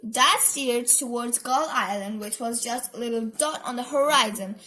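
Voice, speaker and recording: A woman reading a children's storybook aloud, expressive, with asides about the pictures. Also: on the high side, moderate pace, few pauses.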